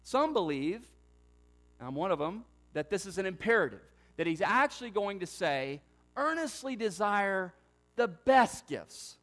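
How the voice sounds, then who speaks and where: A middle-aged man pastor preaching a sermon, talking conversationally and then breaking into sudden loud bursts. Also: high voice.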